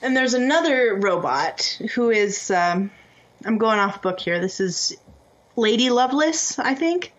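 A woman's voice: fairly high pitch, lively intonation, unhurried, lo-fi sound. Chatty woman podcast co-host. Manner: chatty, laughs often, reads out chat comments. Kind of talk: casual podcast chat.

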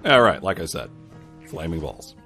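A man's voice: deep voice, sing-song, moderate pace, sharp tone, soft background music, heavily acted. A man voicing a boisterous, dim-witted knight who rambles with many fillers, in an audio drama. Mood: brash.

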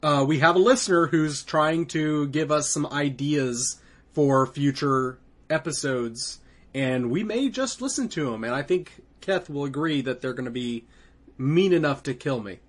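A high-pitched man with a husky edge hosts a casual gaming podcast. He talks in a laid-back, halting way, with plenty of fillers as he sets the rules. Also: lively intonation. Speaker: podcast host. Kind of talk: casual chat.

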